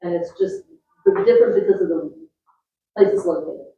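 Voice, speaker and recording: A woman student speaks up from across a classroom, her voice distant and roomy with a dull, muffled edge. She thinks out loud, repeating ideas back to make sure she has them. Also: medium pitch, big pitch swings, moderate pace, creaky. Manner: thinking aloud, restating points to check them. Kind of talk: classroom questions.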